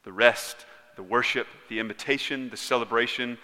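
A man preaching in a church sanctuary, his bright, forceful voice carrying a long reverb through the large hall. He preaches earnestly, rising to loud emphasis and then dropping to near-quiet lines. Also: medium pitch, normal speed. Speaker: pastor. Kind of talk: sermon.

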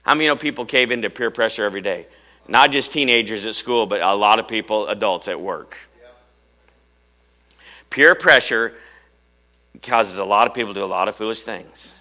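A middle-aged male pastor preaching a sermon in church, firing off rhetorical questions and swinging from loud to hushed. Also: on the low side, normal speed, pauses often.

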